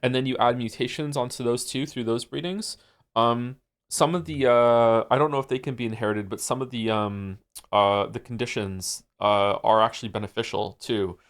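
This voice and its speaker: A man's voice: mid-range voice, steady tone, moderate pace. A man streaming from home, chatting casually with his viewers, rambling with many fillers and restarts. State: losing his voice. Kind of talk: casual chat with chat.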